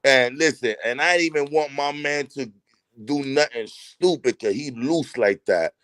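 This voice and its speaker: A man's voice: mid-range voice, measured pace, a bit bright, no room sound. Profane man telling street stories. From New York. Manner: profane, street slang, rambling anecdotes. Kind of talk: casual chat.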